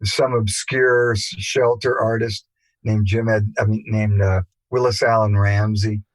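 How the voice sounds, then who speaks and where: An older man, a musician guest, telling rambling anecdotes in a relaxed interview, with many fillers and restarts. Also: fairly low pitch, measured pace, no echo, rough recording. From England.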